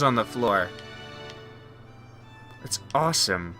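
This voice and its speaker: A man narrating a video game playthrough in a casual, chatty way, tossing off wry asides as he goes. His voice is very bright and sharp, and his pitch swings widely from line to line. Faint game music runs underneath. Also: expressive, moderate pace. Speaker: let's play host. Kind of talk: casual gameplay commentary.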